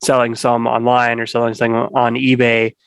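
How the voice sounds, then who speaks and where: A man's voice: medium pitch, monotone, a little fast, vocal fry, smooth. A man chatting as a podcast guest in an easygoing, rambling way, stopping and restarting his thoughts often. His voice sits in an ordinary middle range. The sound is close and dry, with no room echo. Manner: rambling, many restarts and fillers. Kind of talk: casual conversation.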